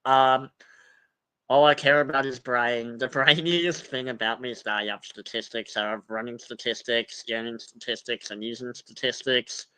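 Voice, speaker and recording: A man's voice: medium pitch, steady tone, normal speed, bright, forceful tone, clear, resonant tone, rough recording. A young man chatting casually on a livestream, reading cast bios aloud and rambling through his opinions with lots of fillers and swearing.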